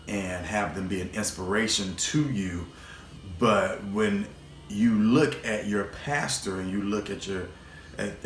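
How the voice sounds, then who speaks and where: A man hosting his own vlog, telling a personal story in a rambling, emotional way, repeating words and swearing now and then. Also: lowish voice. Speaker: show host. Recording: roomy echo, faint background noise.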